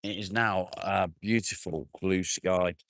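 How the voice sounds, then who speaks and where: A man's voice: sits low, steady tone, slow pace, fairly bright tone, no echo, studio quality. A man hosting a casual live stream outdoors in his garden, bantering with viewers, joking, and swearing now and then. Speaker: livestream host.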